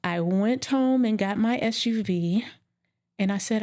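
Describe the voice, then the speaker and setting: A woman dentist telling her career story in an interview, emotional and animated, acting out what she said back then. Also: medium pitch, unhurried. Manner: emotional, animated, acts out her own quotes.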